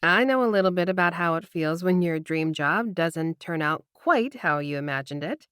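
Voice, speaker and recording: A woman voicing a gentle, sympathetic woman friend. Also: lowish voice, lively intonation, moderate pace, clear, resonant tone, dry recording, studio quality.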